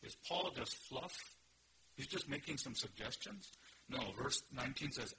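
A man preaching an expository sermon, emphatic, with sudden rises in pitch and loudness. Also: expressive, normal speed. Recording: noisy recording.

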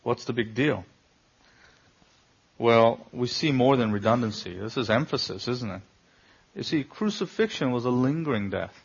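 A man's voice: medium pitch, expressive, moderate pace, long pauses, slightly rough, highs cut off. A man preaching a sermon, building to emphatic swells and asking the listeners rhetorical questions. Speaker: pastor.

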